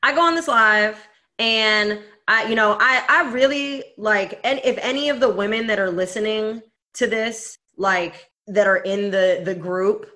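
Bright-voiced woman telling a lively story. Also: mid-range voice, a little slow. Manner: animated storytelling, frequent "like" fillers. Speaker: podcast co-host. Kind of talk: casual chat.

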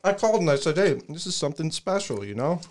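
Co-host: man, somewhat high-pitched, quick with jokes, casual and profane while eating. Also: sing-song, a little mellow. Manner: wisecracking, swears, talks while eating. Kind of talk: casual livestream chat.

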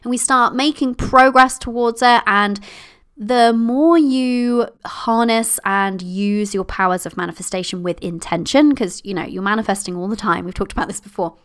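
A woman hosting her own podcast, bubbly and playful, going sing-songy when she gets excited. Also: medium pitch, moderate pace, clear, resonant tone. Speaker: podcast host and success coach. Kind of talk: solo podcast talk.

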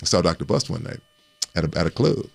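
Deep gravelly man telling stories. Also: quick pace, dry recording, soft background music. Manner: animated storyteller who repeats and restarts words and acts out quotes. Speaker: guest recounting his playing career. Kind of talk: casual storytelling interview.

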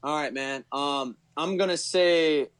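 A man's voice: fairly high pitch, slow, a bit bright, clear, resonant tone. A man from Baltimore with a Baltimore accent, talking eagerly as a guest on a sports podcast. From Baltimore, USA. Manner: enthusiastic, talkative, says "bro". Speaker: guest fan. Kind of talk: casual sports podcast chat.

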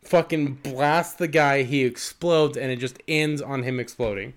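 A young man co-hosting a casual movie podcast. He talks excitedly, swears often and fills his talk with "like". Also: mid-range voice, measured pace. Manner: excitable, swears a lot, lots of "like". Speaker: podcast co-host. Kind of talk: casual movie review chat.

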